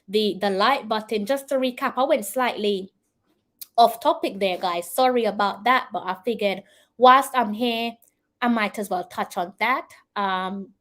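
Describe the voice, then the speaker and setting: A woman from Jamaica with a Jamaican accent, hosting a live-stream commentary, answering viewer comments in an earnest, persuasive way and talking straight to her viewers. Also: mid-range voice. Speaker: host.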